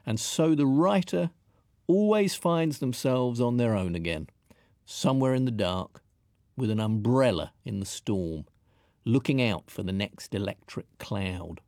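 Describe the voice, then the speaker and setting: A man from England, a writer narrating a scripted radio piece in a measured, reflective and wry way. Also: mid-range voice, lively intonation, a little mellow, no room sound, clean studio sound.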